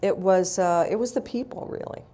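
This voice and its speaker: A woman's voice: fairly low pitch, moderate pace, warm tone. A woman author telling candid, wry stories in a live interview, blunt and self-mocking.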